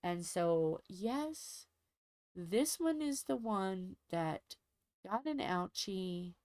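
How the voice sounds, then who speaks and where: A woman's voice: medium pitch, animated, extremely slow, a little mellow, no echo. A woman hosting a diamond painting channel, chatting casually while she crafts and telling a rambling, folksy story from home.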